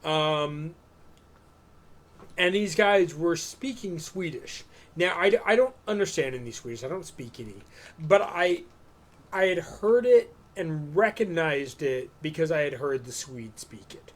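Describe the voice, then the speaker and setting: Here a man co-hosting a live stream show tells a meandering, profane story with loose, animated energy. He's a podcast co-host whose voice is a little high, and he speaks at a measured pace.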